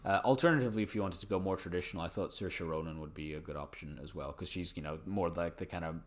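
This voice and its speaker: Male podcast co-host, lowish pitch, relaxed rambling delivery. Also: fast. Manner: chatty, rambling, lots of fillers. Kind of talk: casual chat.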